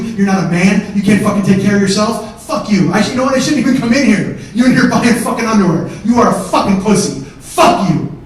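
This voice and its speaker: Man putting on a furious cursing bully, yelled high and loud, echoey theatre from far off. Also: close to an everyday voice. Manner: shouting, profane, raging. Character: furious bullying man, hot-tempered brother figure. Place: theatre stage.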